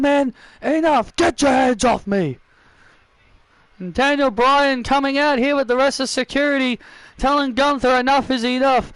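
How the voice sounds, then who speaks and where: A man giving excitable play-by-play commentary on a wrestling video game, often repeating himself. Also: very high voice, normal speed, smooth, no room sound.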